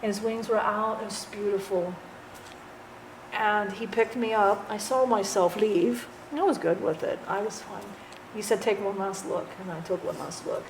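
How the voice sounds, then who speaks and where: Woman, channeling testimony, earnest halting storytelling, roomy echo, faint hiss. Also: medium pitch. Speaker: channeler speaking as a departed friend.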